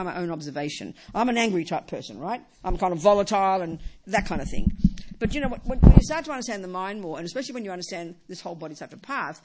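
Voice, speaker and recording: A woman's voice: medium pitch, darkish tone. A woman teaching a Buddhist dharma talk, who talks in bursts, repeats and restarts phrases, and keeps asking the listeners rhetorical questions.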